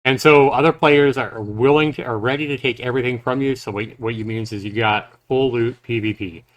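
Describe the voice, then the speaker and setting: A man's voice: medium pitch, fairly quick. A man giving casual live reaction commentary on a game trailer, thinking aloud in a loose, rambling way.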